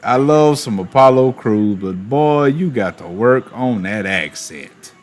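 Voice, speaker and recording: A man streaming and chatting casually, animated, with quick asides and laughs. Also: medium pitch. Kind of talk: casual chat while opening cards.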